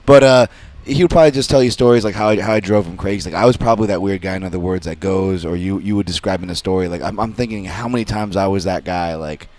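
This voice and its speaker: A man with a low voice talks quickly and tells a story on a studio radio show. He rambles and restarts, and keeps the tale moving. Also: a little mellow. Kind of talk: casual studio chat, storytelling.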